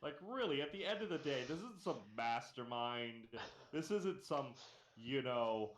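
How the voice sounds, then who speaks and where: A man's voice: mid-range voice, lively intonation, unhurried. A man hosting a live stream, ranting in casual, profane banter with a sarcastic, emphatic manner. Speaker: stream host. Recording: echoey room.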